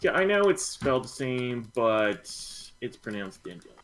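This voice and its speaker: A man co-hosting a casual book club podcast, speaking in a measured, slightly hesitant and thoughtful way. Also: medium pitch, sing-song, a bit bright, rough recording. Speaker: podcast co-host.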